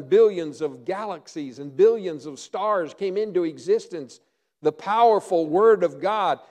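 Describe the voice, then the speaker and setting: Earnest high-voiced preacher man. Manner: earnest, dropping to hushed tones for emphasis. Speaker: pastor. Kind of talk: sermon.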